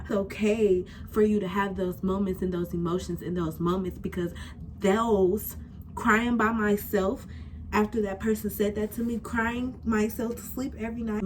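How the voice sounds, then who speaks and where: A woman's voice: mid-range voice, darkish tone, a little hiss or hum. A young woman in her twenties hosting a podcast, talking candidly and casually about her life, with slangy, heartfelt phrasing. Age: 20s. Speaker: podcast host. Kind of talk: candid personal talk.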